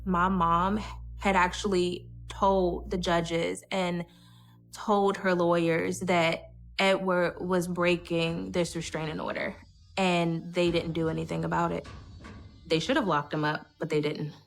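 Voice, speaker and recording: Low-voiced young woman giving testimony. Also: level tone, creaky, faint music behind. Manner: measured, earnest recounting. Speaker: interviewee, victim's daughter. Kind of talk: true crime documentary interview.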